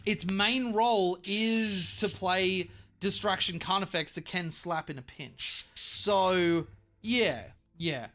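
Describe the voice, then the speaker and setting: Australian streamer, male, higher-pitched, chatty and profane. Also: slow, a bit bright. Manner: rambling and profane, with bursts of silly wordplay. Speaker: streamer painting miniatures. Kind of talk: casual live-stream chat.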